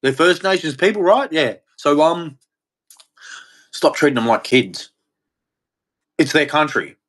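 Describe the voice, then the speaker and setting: A man's voice: a little high, animated, measured pace, fairly bright tone. Angry Australian man ranting bluntly. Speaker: live-stream host. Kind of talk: ranting monologue.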